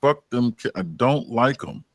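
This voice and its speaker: A man's voice: mid-range voice, animated, a little slow, no room sound. A man giving his view emphatically and candidly as a panelist.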